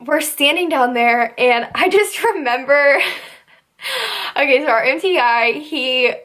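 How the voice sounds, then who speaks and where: A young woman talks to camera in a high, bright voice. She rambles through her story, filling it with "like" and little asides. Her delivery is casual and conversational. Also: a little slow. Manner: chatty, rambling, heavy use of "like". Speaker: vlogger recounting basic training.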